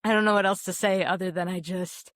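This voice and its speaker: A young woman co-hosting a film podcast, talking warmly and emotionally about a favorite holiday special, often restarting her sentences. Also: mid-range voice, fairly even intonation, quick pace, dry recording, clean studio sound. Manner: heartfelt, emotional, many restarts. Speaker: podcast co-host. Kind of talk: casual film chat.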